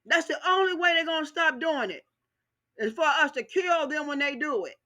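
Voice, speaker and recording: A woman delivers an impassioned commentary rant in a high voice. She hammers her points home over and over with a fiery, preaching cadence, and her tone stays bright and sharp throughout. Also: animated, normal speed. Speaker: video commentator.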